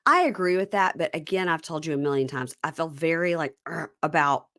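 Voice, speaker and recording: A woman's voice: low voice, expressive, brisk, fairly bright tone. A woman hosting a podcast, chatting casually and retelling scenes from a reality show at length. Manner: retells scenes at length, quoting cast members. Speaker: podcast host.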